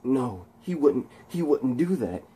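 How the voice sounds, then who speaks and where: A man voicing a troubled young man who turns villain, speaking quietly and repeating himself as he pleads. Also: mid-range voice, very animated, takes it slowly, slightly rough, heavily acted. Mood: pleading.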